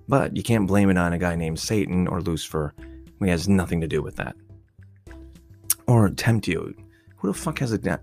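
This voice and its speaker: Guy with a really low voice rambling and swearing, faint music behind him. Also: gravelly, darkish tone. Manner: profane, rambling, irreverent. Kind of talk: casual unscripted monologue.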